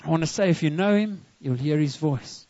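A man's voice: on the high side, a little fast, mellow, no room sound, highs cut off. A man preaching a sermon to a church congregation, earnest and often repeating words as he starts a line. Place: church service.

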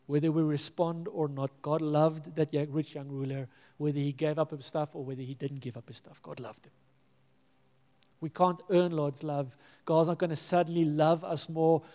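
A man's voice: on the high side, darkish tone, big-room sound. A man preaching a sermon as pastor, earnest and pleading, sometimes dropping to a near-whisper.

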